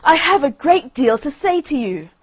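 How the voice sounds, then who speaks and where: Reading a bedtime story, a woman voices a conceited male firework rocket, a storybook figure who talks down to everyone around him. He holds forth loudly and pompously in a grand, self-admiring, indignant tone, at normal speed. The voice is gravelly and husky, at a middle pitch.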